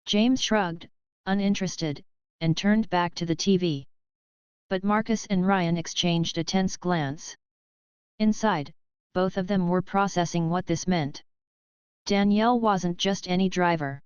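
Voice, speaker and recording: Give me a woman narrating a story in a steady, very smooth voice, with a dry, dull recording. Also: lowish voice, measured pace, no echo.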